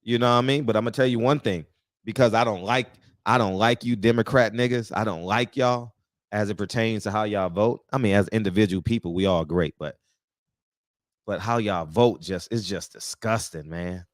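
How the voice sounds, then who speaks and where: A man's voice: lowish voice, normal speed, dry recording. Blunt, profane man with dry close sound. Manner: blunt, profane, mocking, laughs at his own jokes. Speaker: podcast host. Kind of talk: casual opinion talk.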